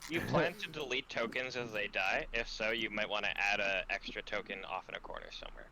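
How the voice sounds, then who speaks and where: A man's voice: fairly low pitch, a little fast, crowd noise, poor audio. A man playing in an online tabletop game, casually offering helpful suggestions to the group. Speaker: player.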